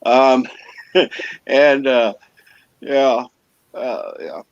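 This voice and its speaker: Slow, hesitant man chatting on stream. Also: mid-range voice, fairly even intonation, no room sound. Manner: hesitant, lots of fillers. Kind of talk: casual chat on a live stream. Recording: dull, muffled stream audio.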